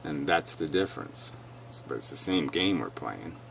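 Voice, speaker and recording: A bass-voiced man with lively intonation, vocal fry, and a fairly bright tone talks at a moderate pace over slight hiss or hum. He's reacting to a video, pushing his argument in a blunt, emphatic commentary.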